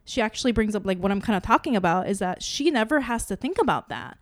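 A woman's voice: mid-range voice, lively intonation, quick pace, no echo. A woman in a loose podcast conversation, talking in long run-on thoughts packed with "like" and self-corrections. She swears freely and voices her own inner questions. The sound is dry and close to the mic. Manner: rambling, full of "like" and restarts, swears freely. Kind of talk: casual chat.

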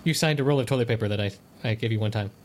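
A man's voice: on the low side, very fast. Dry-witted man hosting a podcast. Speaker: podcast host. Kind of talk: casual podcast chat.

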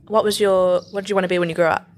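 A woman's voice: fairly low pitch, racing, a little hiss or hum. A woman hosting a podcast who chats casually, chiming in with playful, supportive comments. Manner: lively, supportive, playful interjections. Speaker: podcast host. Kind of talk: casual chat.

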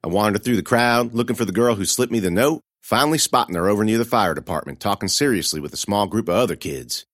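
A man reads a first-person horror story in a dramatic, expressive style. His low voice moves widely in pitch, and the recording is dry and close with no room sound. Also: fast talker, few pauses, no room sound.

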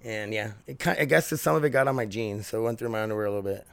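A man's voice: fairly low pitch, very fast, creaky, smooth, dry recording. A man hosting a casual solo podcast from home, rambling, swearing freely and laughing often. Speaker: podcast host.

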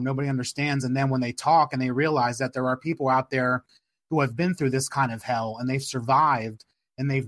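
A man hosting a podcast interview, speaking in a supportive, reassuring, measured way. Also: medium pitch, a bit bright, no echo, studio quality. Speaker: podcast host.

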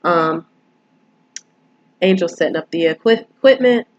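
A woman's voice: lowish voice, expressive, a little slow, a little mellow, muffled recording. A woman casually retelling and reviewing a film, rambling with lots of fillers.

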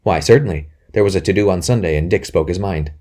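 A man reading the part of a fervent, secretive young gentleman conspirator in an audiobook. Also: low-pitched, fast talker. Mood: urging. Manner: urgent, hushed, then fierce.

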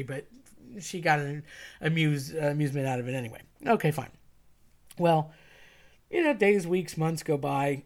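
A woman casually telling a funny personal story, chatty and animated, quoting friends and family in dialogue. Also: low voice. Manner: chatty and animated, quotes others in dialogue, laughs at herself.

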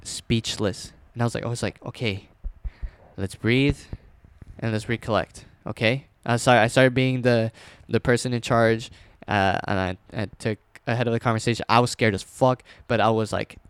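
A young man casually telling a scary personal story, rambling with fillers and restarts, dropping to a hush at tense moments. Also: medium pitch, fairly even intonation, normal speed, clean tone.

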